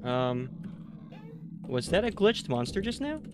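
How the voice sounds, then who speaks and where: A man live-streams a horror game and chats with his viewers, tired after a night with little sleep, then bursts into loud excitement at the scares. His voice is a little high and slow, heard over music.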